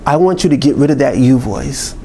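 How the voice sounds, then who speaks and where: A man's voice: medium pitch, lively intonation, fairly quick, gravelly, dark tone, a little hiss or hum. A man giving a motivational talk to camera, emphatic and repetitive in a pep-talk manner. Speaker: motivational speaker.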